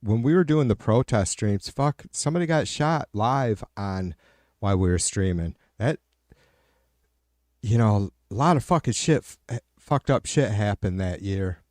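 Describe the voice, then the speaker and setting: A man's voice: on the low side, lively intonation, a little slow, a little mellow, no room sound, clean studio sound. Profane, rambling middle-aged man. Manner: profane, rambling, answers chat aloud. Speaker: livestream host. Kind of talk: casual chat with viewers.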